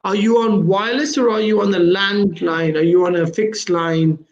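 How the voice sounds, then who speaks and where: A man's voice: high-pitched, fairly even intonation, moderate pace, dull audio. A male radio host interviewing a caller, pressing with repeated questions. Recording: roomy studio echo.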